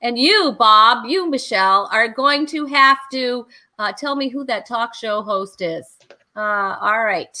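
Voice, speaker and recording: Woman, host, online talk show, bubbly, laughs a lot, high, bright voice. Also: unhurried. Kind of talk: casual game show hosting.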